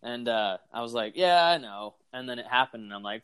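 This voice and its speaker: A man's voice: mid-range voice, lively intonation, fairly quick, hardly any pauses, fairly bright tone, smooth. A man co-hosting a podcast in casual chat, rambling through stories, acting out quotes and swearing. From Arkansas. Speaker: podcast co-host.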